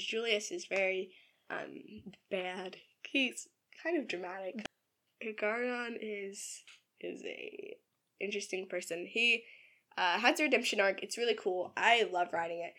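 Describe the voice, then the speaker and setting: A woman's voice: medium pitch, expressive, measured pace, a bit bright. Young woman, casual podcast chat, chatty, giggly, lots of ums. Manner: chatty, giggly, filler-heavy. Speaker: podcast co-host and writer. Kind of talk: casual chat about her novel.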